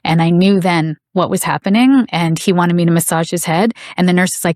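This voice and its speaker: A woman's voice: on the low side, brisk, a little mellow, no echo, studio quality. A middle-aged woman, a podcast guest, telling an emotional personal story with intensity and indignation, acting out the voices of others. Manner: intense, indignant, acts out quoted dialogue.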